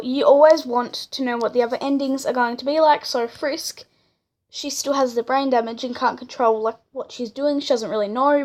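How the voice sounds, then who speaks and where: A young woman talks through her own fan story in a loose, chatty way, with plenty of "like" and "um" fillers. Her voice sits fairly high. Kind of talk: casual storytelling.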